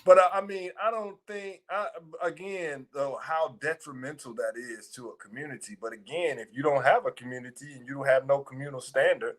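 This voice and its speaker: A man's voice: mid-range voice, fairly quick, few pauses. A man co-hosting a ministry podcast, talking casually but emphatically, with preachy rhetorical questions. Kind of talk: casual chat.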